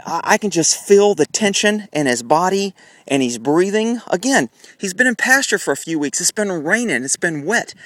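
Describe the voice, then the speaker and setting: A man's voice: high voice, fairly bright tone, low-quality recording. A man, a horse trainer, talking casually while riding outdoors in the wind, filmed on a handheld camera and now and then putting on his horse's voice. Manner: folksy, voices the horse's thoughts in asides. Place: outdoors, on horseback in a windy pasture. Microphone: handheld camera mic while riding. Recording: faint wind and outdoor noise.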